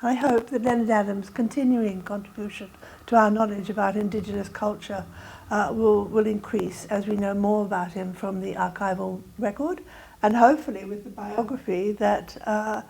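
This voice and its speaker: An older woman delivering an academic lecture. She speaks in a measured, thoughtful way, with a middle-pitched voice and the odd filler as she moves through her points. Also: fairly even intonation, creaky, a little mellow, a little hiss or hum, poor audio. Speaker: guest speaker. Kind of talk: lecture talk.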